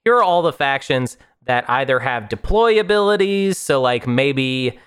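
A man's voice: medium pitch, animated, unhurried, a bit bright, smooth. A man co-hosting a casual board game chat, speaking in a laid-back way that hedges and jokes. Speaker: co-host.

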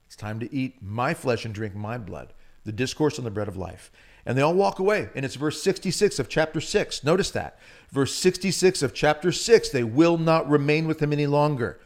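A man preaching a Catholic sermon with passion, moving between loud emphasis and hushed asides. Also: medium pitch, vocal fry.

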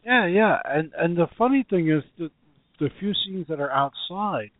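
A man's voice: fairly high pitch, animated, normal speed, no echo. A man co-hosting a podcast, talking in a keen but hesitant casual chat full of fillers. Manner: enthusiastic, hesitant, many fillers. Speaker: podcast co-host. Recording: dry, phone-like narrow sound.

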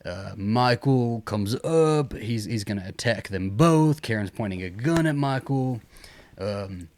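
A man's voice: lowish voice, measured pace, slight background noise. A man co-hosting a casual podcast, recapping a horror movie scene by scene and swearing freely. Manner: animated, swears freely, laughs often. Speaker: podcast co-host.

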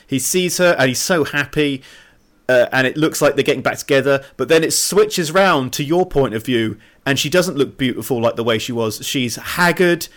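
A man's voice: mid-range voice, a bit bright. A man co-hosting a film podcast, recapping the plot and chatting casually with lots of laughs and stumbles. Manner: chatty, giggly, rambling with stumbles; reads plot summary in a storytelling tone. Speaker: podcast co-host.

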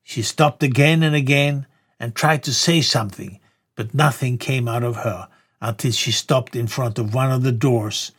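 A man reading a story aloud as narrator, in slow, measured storytelling. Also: medium pitch, husky.

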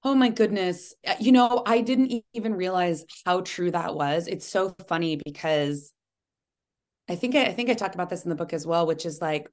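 A woman author being interviewed, talking earnestly and animatedly and acting out quotes in lively voices. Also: lowish voice, moderate pace. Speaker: author and guest. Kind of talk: candid interview conversation.

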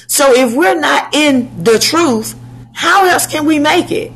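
A woman preaching a slow sermon to her channel's viewers, asking rhetorical questions and answering them. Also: sits high, expressive, a bit bright, poor audio.

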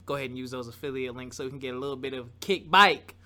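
A man's voice: medium pitch, very fast, slight background noise. A man hosting a podcast in a casual, upbeat, chatty way. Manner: lively, upbeat, chatty with laughs. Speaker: podcast host.

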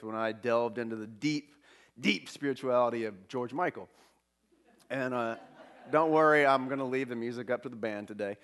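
Guy giving a church talk, chatty, pokes fun at himself, mid-pitched voice. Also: a little fast, fairly bright tone. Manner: conversational, self-deprecating, humorous. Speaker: speaker at a church service. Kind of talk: spiritual talk.

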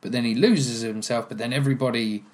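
A man's voice: medium pitch, steady tone, fast, darkish tone. A man co-hosting a film rewatch podcast, joking and agreeing in casual, rambling talk. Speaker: podcast co-host.

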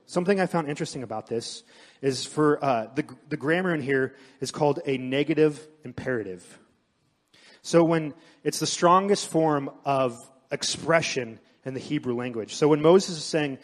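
A man's voice: a little high, normal speed. Preaching man in an echoing hall. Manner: storytelling, animated asides. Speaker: pastor. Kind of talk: sermon. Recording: long hall reverb.

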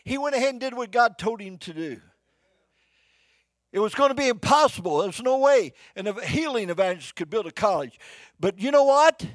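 Folksy older male preacher, lively pitch. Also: fairly quick, no echo. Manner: folksy, swings from shouting to hushed storytelling. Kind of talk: sermon. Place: church before a live congregation.

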